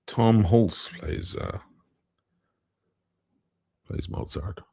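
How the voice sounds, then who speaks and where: A man hosting a casual live stream, talking in a very low, gravelly voice and reading out viewer comments as he chats. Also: very slow, warm tone. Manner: chatty, reads viewer comments aloud.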